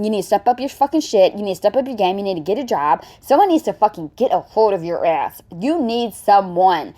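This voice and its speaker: A reaction vlogger with a warm, medium-pitched female voice vents angrily at a clip. Her commentary is heated and profane, full of cursing.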